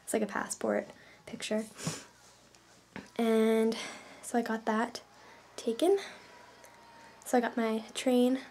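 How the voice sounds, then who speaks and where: A woman's voice: fairly high pitch, level tone, takes it slowly, pauses often, darkish tone. A woman from Canada, chatting casually in a vlog, rambling with lots of fillers. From Canada, New Brunswick. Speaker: vlogger.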